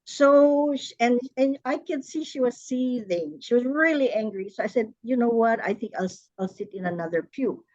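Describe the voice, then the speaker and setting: A woman earnestly recounting a painful personal story in a workshop, hesitant and halting, with frequent restarts. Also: fairly high pitch, lively intonation, a little mellow, no room sound, highs cut off. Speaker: workshop participant.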